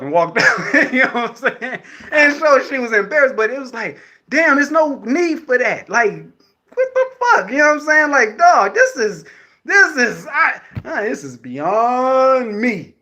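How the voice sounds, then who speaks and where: A man's voice: high voice, pushed and bright, a little hiss or hum. A man telling a casual story to his viewers, heavy with slang and swearing and a constant "you know what I'm saying". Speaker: vlogger addressing viewers.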